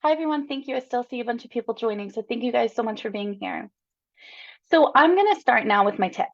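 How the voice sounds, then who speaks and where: A woman in her thirties runs a reading-instruction webinar, teaching casually in a chatty, encouraging manner and tagging her statements with "right?". Her voice is a little high, animated, and quick. The webinar audio is slightly dull and lo-fi.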